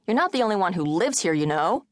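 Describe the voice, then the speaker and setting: A woman voicing an impatient, self-centered young woman in her twenties for an audiobook, talking sharp and fast. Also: fairly low pitch, very animated, dry recording, studio quality, pitched above the performer's own voice. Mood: exasperated. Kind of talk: audiobook character voice.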